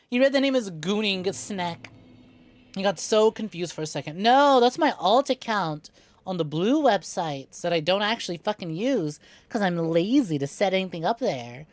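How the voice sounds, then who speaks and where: Woman, VTuber streamer, swears a lot, rambling storyteller, dry close sound, mid pitch. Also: lively intonation, normal speed, no echo. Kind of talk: casual gameplay chat.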